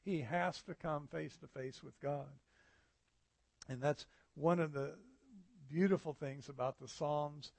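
Gravelly-voiced man preaching a sermon. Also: fairly high pitch, steady tone, a little slow, a little mellow, no echo. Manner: conversational, earnest preaching with fillers. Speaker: pastor.

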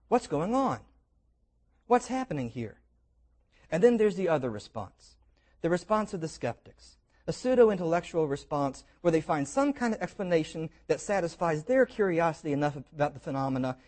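A man preaching a sermon, retelling scripture as lively stories with jokes and invitations to imagine. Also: a little high, fairly quick. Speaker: pastor.

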